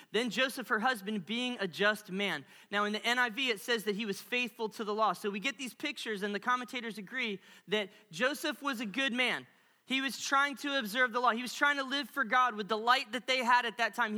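A male pastor preaching a sermon with animated storytelling and playful asides. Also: very high voice. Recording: long reverb of a large hall.

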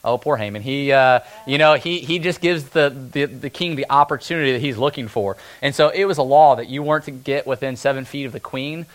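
A man preaching a sermon in a relaxed, conversational way, often slipping into quick acted-out asides. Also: medium pitch. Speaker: pastor.

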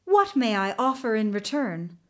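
A woman storyteller voicing a young enchanted woman in a folktale, in a high, urgent, pleading voice. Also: big pitch swings, normal speed, fairly bright tone. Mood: gracious.

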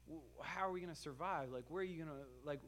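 A man's voice: fairly high pitch, fast talker, a bit bright, pitched above the performer's own voice, close to an everyday voice. A man voicing a worried young woman pleading with her fiancé, in a sermon story. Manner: pleading, alarmed.

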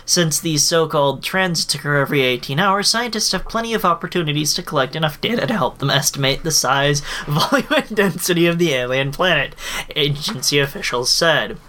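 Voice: mid-range voice, animated, brisk, pushed and bright. A podcast co-host reading science news aloud with casual asides and frequent laughs.

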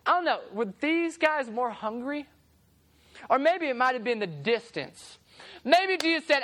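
A woman preacher tells her sermon as a lively story, slipping into characters and humorous asides. Her voice sits a little high for a woman. The delivery is conversational and playful. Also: unhurried.

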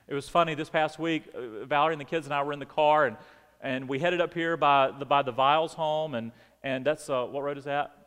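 A man preaching a sermon as pastor, swinging between emphatic outbursts and quiet, dropped phrases. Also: fairly high pitch, in a large hall. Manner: preaching with rising emphatic outbursts and dramatic drops. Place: church sanctuary.

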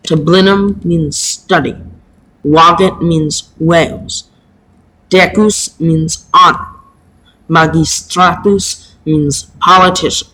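A man teaching a Latin lesson, speaking haltingly with many pauses and fillers. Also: fairly high pitch, steady tone, pushed and bright, poor audio. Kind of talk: slow home-made lesson.

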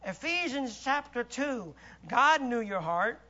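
High, bright-voiced preaching man. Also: big pitch swings, slow pace, dull audio. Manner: emphatic, swinging between loud exclamations and low asides. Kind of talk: sermon.

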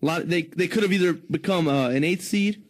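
A man's voice: sits high, a little fast. Easygoing man co-hosting a talk radio show. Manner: relaxed, hesitant with many fillers, laughs easily.

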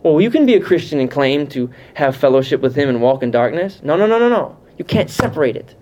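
A man teaching a Bible class in an animated, conversational way, often putting questions to his listeners. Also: fairly high pitch, fast. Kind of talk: teaching sermon. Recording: muffled lo-fi sound.

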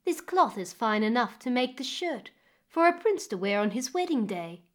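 A woman's voice: on the high side, sing-song. A woman voicing a grand, demanding queen who gives orders in a commanding way. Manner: commanding, brisk.

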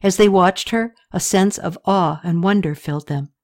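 A woman narrating an audiobook story in a steady scripted reading, lifting her pitch slightly for characters' lines. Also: normal speed.

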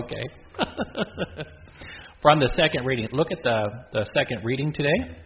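A man's voice: mid-range voice, big pitch swings, normal speed, pauses often. A middle-aged man, a Catholic priest, giving a conversational sermon in a church, often breaking off for joking asides. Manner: chatty, self-interrupting, with joking asides. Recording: muffled lo-fi with faint hiss.

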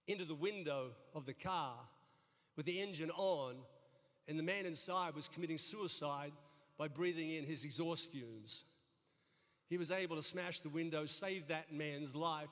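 High-voiced middle-aged pastor preaching in a reverberant church. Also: male voice, fairly bright tone. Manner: folksy storytelling with humor, repeats words. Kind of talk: sermon. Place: church sanctuary. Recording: long reverb of a church hall.

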